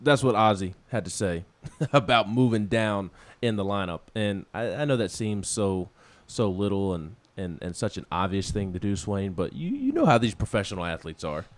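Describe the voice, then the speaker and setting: Low-voiced man rambling on sports radio. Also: sing-song, normal speed, few pauses. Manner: rambling, many restarts, laughs at himself. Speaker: co-host of a sports talk show. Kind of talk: casual sports talk. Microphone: studio microphone.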